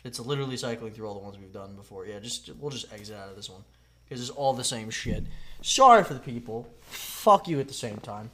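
Animated swearing man hosting a podcast. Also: mid-range voice. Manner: swearing, animated, doing quick accents. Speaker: podcast host. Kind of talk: casual comedy podcast chat, guessing game.

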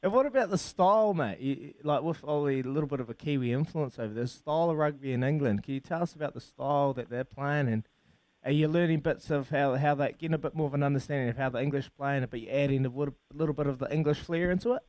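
A man's voice: mid-range voice, fast, darkish tone, no room sound. A man hosting a casual interview, asking long, rambling questions and calling his guest mate. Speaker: radio interviewer.

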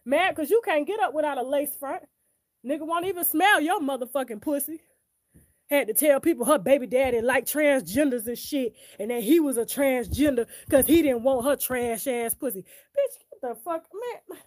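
A woman with a very high voice rants on her gossip vlog. She taunts and curses, repeating pointed rhetorical questions. She talks from her closet at home. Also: expressive, normal speed. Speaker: gossip channel host. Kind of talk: profane ranting vlog.

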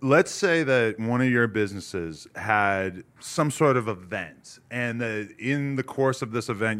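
A man hosting a podcast in casual chat, asking playful, drawn-out teasing questions. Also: medium pitch, fairly bright tone. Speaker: podcast host.

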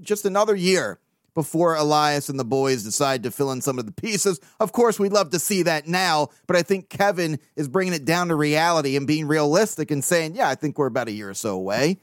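A man's voice: a little high, animated, a little fast, no echo, clean studio sound. A man hosting a casual solo podcast, reading listener emails in a loose, rambling way, swearing casually and laughing often.

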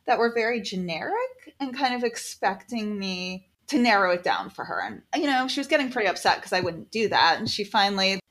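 A woman casually telling a personal story, animated and quoting people in lively voices. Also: mid-range voice, brisk, few pauses.

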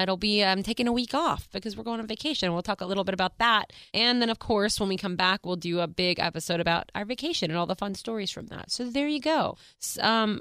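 A woman hosting her own podcast, talking casually and warmly to listeners with frequent laughter. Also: mid-range voice, clean tone, no echo, studio quality. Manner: chatty, effusive, laughs often. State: tearful. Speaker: podcast host. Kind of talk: casual solo podcast chat.

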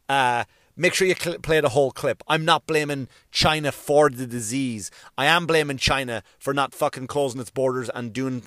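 A man's voice: mid-range voice, a bit bright, no room sound, studio quality. A male comedian delivering a profane, emphatic solo rant, hammering his points home through repetition.

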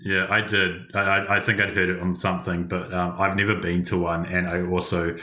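A man's voice: sits low, level tone, a little fast, bright, forceful tone. A New man, a guest contestant on a trivia podcast, who guesses hesitantly and jokes at his own expense. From New Zealand. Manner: hesitant, self-deprecating guesser.

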